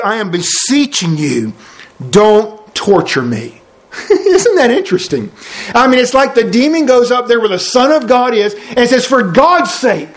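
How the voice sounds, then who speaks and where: A man preaching an expository sermon, emphatic and repeating key phrases for effect. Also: high-pitched.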